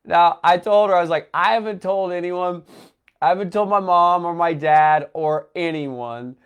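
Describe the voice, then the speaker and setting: A man's voice: high voice, fairly even intonation, normal speed, clear, resonant tone, dull audio. Emotional young man rambling through a story. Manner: rambling, filler-heavy, emotional retelling. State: tearful, runny nose. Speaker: travel vlogger. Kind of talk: personal storytelling to camera.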